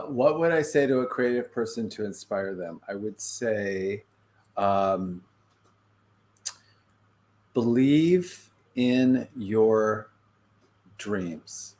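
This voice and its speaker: A man with a New York accent, a guest on a video-call podcast, earnest and emotional as he talks. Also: medium pitch. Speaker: guest, actor. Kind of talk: casual chat.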